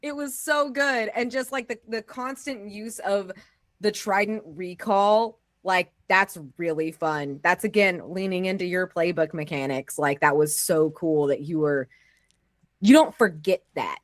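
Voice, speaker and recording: A woman's voice: fairly low pitch, measured pace, no room sound, clean studio sound. An American woman gushing with praise in casual chat after a tabletop game, with lots of "like" and restarts. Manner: effusive, gushing praise with frequent "like".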